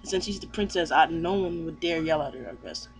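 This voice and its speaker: High-voiced man rambling through a recap. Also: fairly quick, vocal fry, a little hiss or hum. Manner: rambling, with lots of fillers and restarts. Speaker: anime reviewer. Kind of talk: casual chapter recap.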